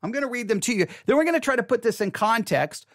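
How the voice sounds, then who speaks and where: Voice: mid-range voice, very animated, fast talker, a bit bright, no room sound, studio quality. A speaker giving casual spoken commentary on an album, chatty and repetitive, often retelling their own reactions. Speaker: online commentator on faith and music.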